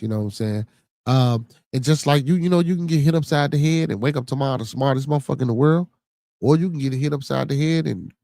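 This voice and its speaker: A man's voice: on the high side, gravelly, dark tone, no room sound. A man with a Chicago accent hosting a podcast, chatting casually in a rambling, profane way and reading news stories aloud. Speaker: podcast host.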